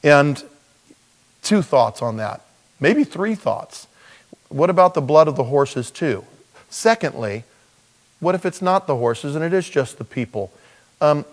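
A male pastor preaching a sermon, animated, with rhetorical questions and sudden jumps in pitch. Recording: long reverb of a large hall.

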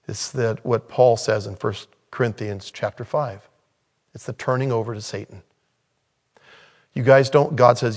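A man preaching a sermon in a conversational way, with sudden loud, high-pitched bursts of emphasis. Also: steady tone, a little slow, long pauses. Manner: conversational, thinking aloud. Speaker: pastor.

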